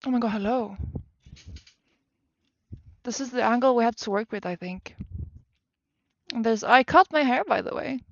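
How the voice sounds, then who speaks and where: A young woman from Sweden with a Swedish accent, chatting casually to her live-stream viewers from her desk at home, self-deprecating and quick to exclaim. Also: a little high, vocal fry, no room sound, muffled recording.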